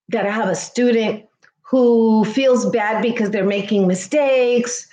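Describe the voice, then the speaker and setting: A woman's voice: fairly high pitch, darkish tone, echoey room. A woman schoolteacher chatting earnestly with her viewers, heartfelt and repeating herself for emphasis. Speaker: schoolteacher and vlogger. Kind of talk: casual livestream chat with viewers.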